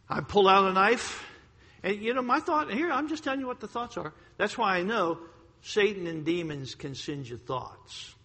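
A man preaching a sermon to a congregation, telling a personal story emphatically, swinging between loud outbursts and hushed lines. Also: high voice, expressive, normal speed, breathy edge. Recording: long hall reverb.

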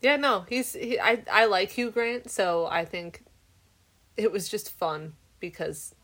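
A woman's voice: mid-range voice, takes it slowly, a bit bright. A woman co-hosting a casual movie chat, giggly and easily amused. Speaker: podcast co-host.

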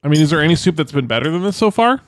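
A man's voice: on the high side, very animated, rapid-fire, dry recording. A man co-hosting a casual podcast, ranting in an exaggerated mock-complaining way. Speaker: podcast co-host. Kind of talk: casual chat.

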